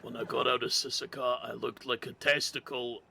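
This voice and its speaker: A man roleplaying a gruff outlaw in a game, talking crudely with dry humor. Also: mid-range voice, flat delivery, normal speed, sharp tone, slight background noise. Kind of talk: in-character roleplay chat.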